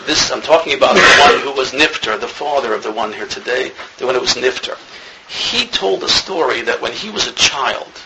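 A man's voice: medium pitch, creaky, muffled recording. A man giving a religious lecture as a rabbi, an earnest storyteller who grows more emphatic as he goes. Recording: noisy recording with clicks.

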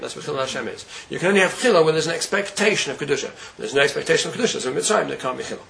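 A man giving a Torah lecture, earnest and deliberate, often repeating words while he searches for the next phrase. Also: a little high, creaky, pushed and bright, slight background noise, poor audio. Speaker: rabbi giving a Torah class.

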